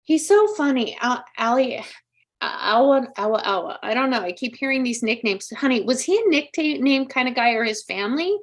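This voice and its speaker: A woman's voice: a little high, lively intonation, moderate pace. A woman hosting a live-streamed psychic reading, speaking earnestly and emotionally straight to a viewer. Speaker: psychic medium host.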